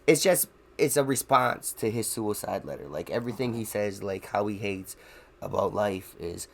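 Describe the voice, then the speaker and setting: Gravelly, low-voiced man laughing through casual chat. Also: normal speed, a little hiss or hum. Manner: rambling, laughs often, swears freely. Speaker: podcast co-host.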